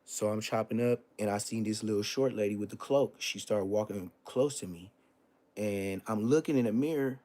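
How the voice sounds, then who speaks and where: A man's voice: lowish voice, normal speed, warm tone. A man telling a story on a casual live stream, profane and emphatic, repeating street oaths.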